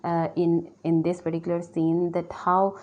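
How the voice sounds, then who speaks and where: A woman's voice: lowish voice, completely flat delivery, moderate pace. A woman lecturer with a Pakistani English accent explaining a play, hesitant with many fillers. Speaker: literature lecturer. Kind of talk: university lecture. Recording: dull lo-fi recording.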